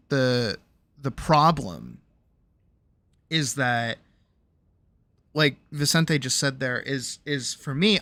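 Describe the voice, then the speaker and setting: A young adult streamer talks through chat messages in a loose, rambling way, with lots of restarts and sentences that fade out softly. The voice sounds bright and forceful. It is recorded close and dry, with no room sound. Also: mid-range voice, no echo. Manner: rambling and candid, with many restarts and fillers.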